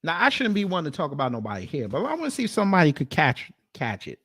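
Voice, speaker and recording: A man's voice: fairly high pitch, wildly swooping pitch, fast, a bit bright, slightly rough, no room sound, studio quality. A man hosting a livestream, ranting at and mocking the clips he reacts to. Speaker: livestream host.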